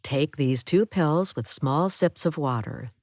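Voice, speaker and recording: A calm nurse soothing a patient after surgery, as a woman narrator reads her. Her voice is low and gentle, and she speaks at an unhurried pace. The sound is close and dry. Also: no room sound, heavily acted. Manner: soothing, reassuring.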